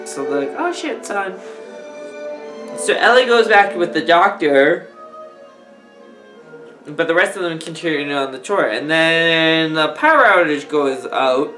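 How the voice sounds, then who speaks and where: A drunk man hosting a rambling comedic movie recap, slipping into squeaky impressions. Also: animated, unhurried, bright, forceful tone, faint music behind, rough recording. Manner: slurring, rambling, bursts into shrill squeaky impressions. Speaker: host.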